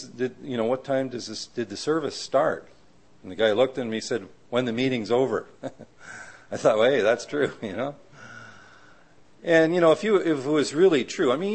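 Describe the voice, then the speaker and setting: Middle-aged guy preaching, bouncy up and down voice, keeps saying right? and does little voices. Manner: conversational, asks the audience "right?" often; acts out quoted people with sudden high voices. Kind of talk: sermon. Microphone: live audio of a church talk.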